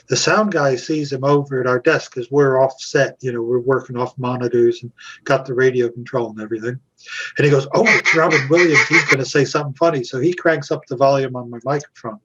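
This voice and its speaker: An older man, an actor and puppeteer, telling anecdotes as an interview guest, animated and chuckling as he acts out quotes. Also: medium pitch, moderate pace, muffled recording.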